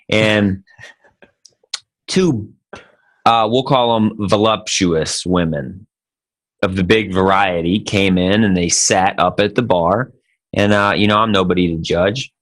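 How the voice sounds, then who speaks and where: A man hosting a podcast with his buddy, his voice sitting low. He talks casually and tells a joke in a loose, laid-back way. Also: normal speed, a bit bright. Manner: joking, laid-back storyteller. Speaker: podcast co-host.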